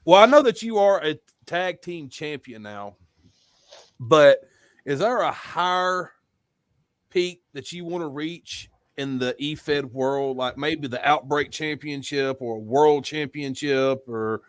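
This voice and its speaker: Relaxed rambling podcast host, dry sound. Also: male voice, fairly high pitch, slow, no room sound. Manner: relaxed, rambling, laughs and curses freely. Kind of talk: casual podcast interview.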